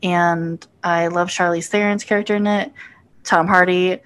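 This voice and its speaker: A woman's voice: fairly low pitch, little pitch movement, moderate pace, a bit bright, smooth. A woman casually talking about films as a podcast co-host, enthusiastic and joking. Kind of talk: casual movie review chat.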